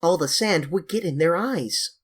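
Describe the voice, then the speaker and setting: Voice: mid-range voice, lively intonation, a little slow, breathy edge, pitched above the performer's own voice. An audiobook reader voicing a timid, imaginative little girl with a raised, wondering tone. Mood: worried.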